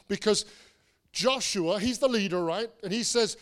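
A man in his forties delivers a sermon with a noticeably high voice. He talks in a loose, storytelling way, restarting phrases and slipping in self-deprecating asides. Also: moderate pace. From England. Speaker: pastor.

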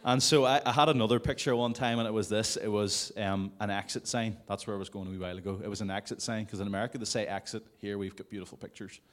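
A man's voice: on the low side, steady tone, fast, few pauses. A man preaching a sermon to a congregation in a conversational way, with jokey asides. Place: church service before a congregation.

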